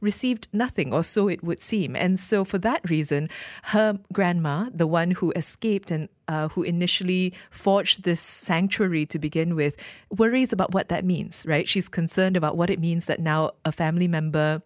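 A woman's voice: on the low side, normal speed, no room sound, studio quality. A woman co-hosting a radio film review show, chatting enthusiastically. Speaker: radio co-host.

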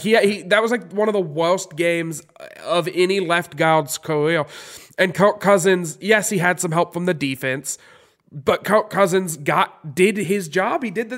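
A man co-hosting a sports podcast, stuffy with a cold, rambling excitedly with many restarts. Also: high voice. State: congested from a cold. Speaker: podcast co-host. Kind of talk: casual sports chat.

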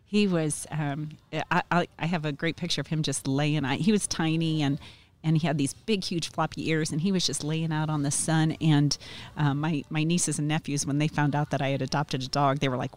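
A woman's voice: sits low, fairly even intonation, moderate pace. A middle-aged woman who is a guest in an interview, telling a story casually, with a sarcastic streak and plenty of ums. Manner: sarcastic, chatty with frequent ums.

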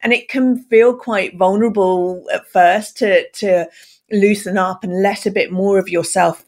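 A woman who works as an email communication expert, speaking as a podcast guest with energy, expressive and full of ums. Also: medium pitch, measured pace. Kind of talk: casual podcast interview.

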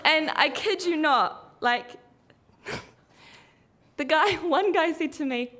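A woman telling a comic story on stage, animated and self-deprecating, laughing through her words. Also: high voice, slow pace, slight background noise. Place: stage at a live storytelling event.

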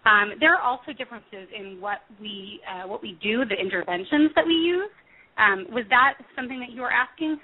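A woman's voice: fairly high pitch, animated, normal speed, slightly rough. A woman in her thirties, a music therapist, answering interview questions thoughtfully, with many fillers and self-corrections. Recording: tinny phone line.

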